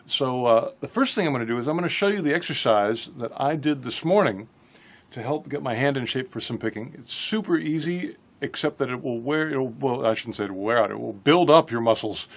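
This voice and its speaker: A man's voice: mid-range voice, lively intonation, brisk. A man giving a casual guitar lesson, thinking aloud with frequent restarts. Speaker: guitar teacher. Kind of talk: casual instructional talk.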